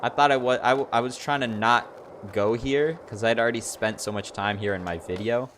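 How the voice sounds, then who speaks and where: A man's voice: medium pitch, fairly even intonation, a little fast, a bit bright, a little hiss or hum. A young man chatting casually on a livestream, rambling and filling his talk with "like" and "you know". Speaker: streamer.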